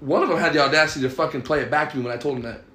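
A man's voice: fairly high pitch, rapid-fire, bright, forceful tone, reverberant. A man with a Texas accent hosting a podcast, profane, teasing and laughing a lot in rowdy casual chat. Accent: Texas Southern US. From Texas, USA.

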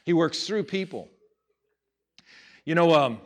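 Male preacher, slightly high voice, casual delivery that climbs into fervent emphasis. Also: expressive, unhurried. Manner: conversational preaching, building to loud emphatic passages. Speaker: pastor. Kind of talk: sermon.

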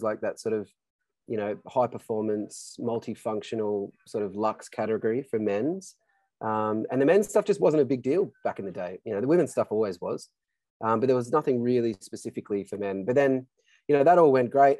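A man's voice: on the low side, no room sound, rough recording. A middle-aged Australian man telling his business story in a casual interview, rambling, full of "um" and "you know", and frank. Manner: rambling, filler-heavy, relaxed and frank. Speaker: business founder guest.

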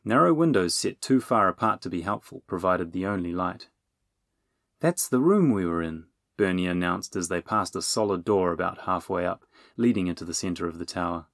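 A man reading an audiobook in measured, scripted narration. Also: low voice, vocal fry, fairly bright tone, dry recording, clean studio sound. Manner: measured storytelling.

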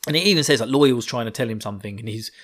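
A man's voice: medium pitch, racing, fairly bright tone. A man recapping a fantasy novel chapter in a rambling, casual way, often laughing and swearing. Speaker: book reviewer.

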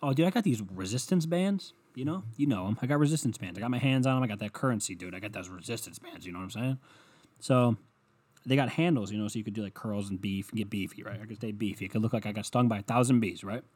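A man's voice: on the low side, fast talker, darkish tone, husky. A young adult man rambling and ranting at home, sarcastic and full of swearing, in a solo comedic monologue.

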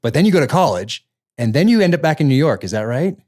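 A man's voice: fairly high pitch, big pitch swings, fast talker, darkish tone. A man hosting a podcast, reacting briefly and asking short follow-up questions in a casual interview. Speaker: podcast host.

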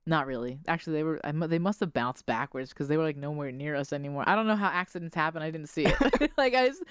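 A woman podcast host telling a casual story with animated quoted voices and frequent laughs. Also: sits low, fast talker, smooth, no echo, clean studio sound.

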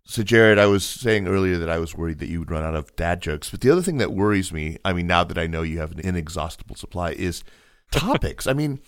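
A man acting as a guest interviewer on a podcast, answering with quick agreement and easy laughs. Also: low voice, expressive, no room sound, clean studio sound. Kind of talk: casual interview.

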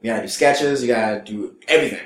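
A man's voice: fast talker, roomy sound, a little hiss or hum. A young man, a stand-up comedian, telling a story in a casual interview, acting out the voices of the people in it and laughing often. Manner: animated, acts out quotes with big pitch jumps, laughs often.

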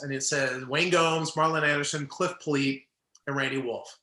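A reverberant recording catches a middle-aged ex-ballplayer guest with a fairly high voice at normal speed. Chatting casually, he tells a story and brings its characters to life by acting out what they said.

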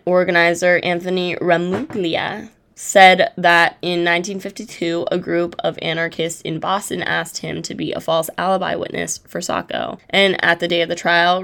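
A woman's voice: lowish voice, creaky, fairly bright tone. A woman hosting a podcast, retelling a historical case in a casual, chatty way with irreverent asides. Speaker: podcast host. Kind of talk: casual true-crime storytelling.

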